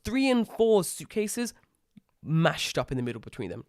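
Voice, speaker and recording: A young British man co-hosting a podcast, telling an animated, swear-heavy story in casual chat. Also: fairly high pitch, normal speed, no room sound. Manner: rising to loud exasperated outbursts. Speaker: podcast co-host.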